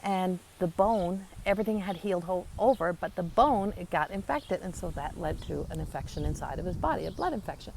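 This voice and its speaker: A woman's voice: on the low side, a little fast, gravelly, few pauses, a little hiss or hum. Chatty woman telling a story. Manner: chatty, animated retelling with quoted dialogue. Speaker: psychic medium. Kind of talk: personal storytelling.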